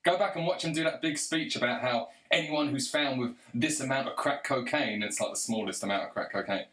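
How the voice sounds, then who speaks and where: A man rants straight to the camera, angry and sarcastic, swearing freely as he goes. His voice sits at an ordinary male pitch, and the room around him lends a noticeable echo. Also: brisk, hardly any pauses, a bit bright. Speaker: video commentator. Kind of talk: ranting monologue. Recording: roomy echo.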